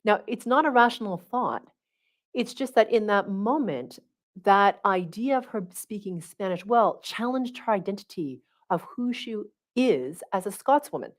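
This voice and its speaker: A woman's voice: mid-range voice, lively intonation, unhurried. A middle-aged woman hosting a livestream, giving a casual teaching talk and often checking in with her listeners. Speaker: spiritual coach hosting a livestream.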